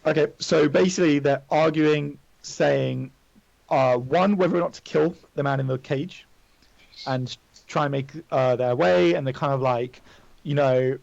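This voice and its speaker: A man's voice: a little high, measured pace, vocal fry, darkish tone, no room sound, highs cut off. A man narrating as dungeon master, casual, with many fillers and restarts. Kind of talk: narrating a tabletop game.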